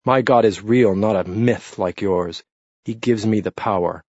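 In an audiobook reading, a man with a lowish, darkish voice at a measured pace plays a blasphemous peasant assassin, taunting his captors with weary, defiant contempt. The read is dry with no echo, and the recording sounds dull and lo-fi.

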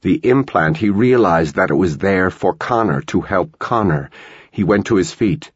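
A man narrating a tense novel in steady storytelling, in a dull lo-fi recording. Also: low-pitched, moderate pace, slightly rough, dry recording. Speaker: audiobook narrator. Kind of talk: scripted narration.

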